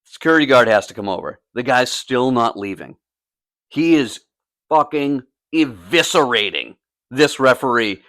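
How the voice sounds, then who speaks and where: In a dry, studio-quality recording, a man with a medium-pitched, slightly bright voice co-hosts a casual podcast. He's a youth soccer coach, and he tells an animated story at a moderate pace, with plenty of swearing and acted-out quotes.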